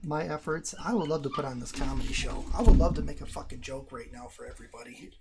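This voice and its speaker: A man hosting a casual livestream from home, talking excitedly and swearing often as he thinks out loud. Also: medium pitch, quick pace, very noisy. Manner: profane, excitable, thinks aloud. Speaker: livestream host.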